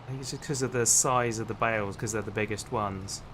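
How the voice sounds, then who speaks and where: Speaking a little fast in a lowish, steady voice, a Hampshire livestreamer talks casually over his gameplay. He greets viewers and laughs a lot while the game sounds come through clearly in the background.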